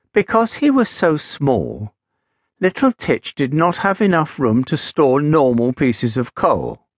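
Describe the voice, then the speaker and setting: A man narrating a children's story with gentle, expressive storytelling. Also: medium pitch, no room sound, clean studio sound. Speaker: audiobook narrator. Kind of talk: scripted narration for young children.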